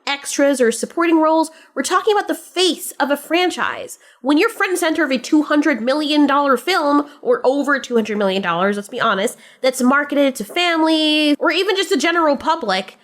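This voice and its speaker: A woman's voice: sits high, fairly bright tone. A woman hosting an opinion commentary vlog, talking in a blunt, sarcastic way and swearing freely. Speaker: commentary channel host.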